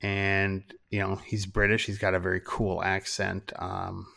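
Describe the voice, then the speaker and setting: A man's voice: low-pitched, monotone, measured pace, vocal fry, bright, forceful tone. A man from Minnesota, a photographer, talking as a podcast guest with dry, self-deprecating humor. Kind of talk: casual interview chat.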